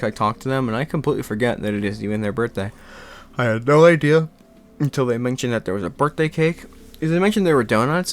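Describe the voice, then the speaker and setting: A young man vlogging in a rambling, animated casual chat, laughing and swearing now and then. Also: medium pitch, a little hiss or hum.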